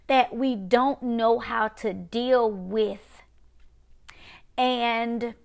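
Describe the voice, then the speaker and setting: Woman preacher, higher-pitched, rhythmic prophetic sermon that moves from loud to hushed. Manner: impassioned, swings between loud bursts and hushed lines; repetitive, rhythmic preaching cadence.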